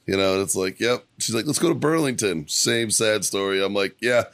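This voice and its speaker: A man co-hosting a podcast in a studio, telling stories in a loose, profane, laughing way, his voice roughened from a week of smoking. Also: lowish voice, moderate pace, fairly bright tone, no room sound. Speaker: podcast co-host. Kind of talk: casual chat.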